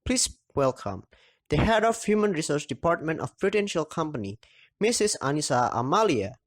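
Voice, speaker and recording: A man's voice: a little high, sing-song, normal speed, no room sound, clean studio sound. A young man acting as a moderator in a scripted role-play, formally opening an event and introducing the speaker. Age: young adult.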